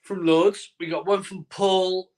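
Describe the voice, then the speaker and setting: With a high but flat, darkish voice and an unhurried pace, a middle-aged man hosts a live stream. He reads viewer comments in casual chat, cracking jokes, chuckling and bantering through stories.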